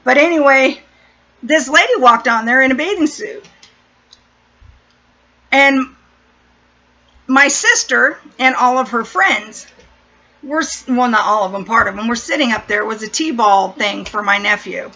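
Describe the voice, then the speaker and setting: Blunt high-voiced middle-aged woman. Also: a little slow. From San Diego, USA. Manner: blunt, profane, animated. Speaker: vlogger. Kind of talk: casual storytelling chat. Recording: dull lo-fi recording.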